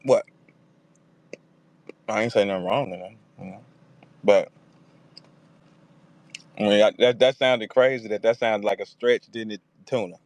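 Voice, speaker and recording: A man hosting a casual battle rap talk space, profane and animated, slipping into mocking voices when he quotes people. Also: on the low side, measured pace, pauses often, no room sound. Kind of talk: casual chat. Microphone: online audio room.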